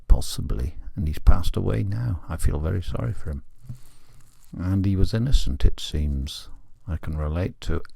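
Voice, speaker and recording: Slow gravelly man musing. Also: rumbling low, dry recording. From Wales. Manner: musing, drawn-out phrases with hushed asides. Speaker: music reaction host. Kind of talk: casual music reaction commentary.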